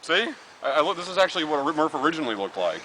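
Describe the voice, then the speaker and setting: A young man, the vlogger's friend, chats casually and offhandedly, often slightly off the camera mic, first outdoors in the woods and then indoors at home. His voice is fairly high-pitched, very animated, fast, and sharp, and the rough camcorder recording has clear background noise.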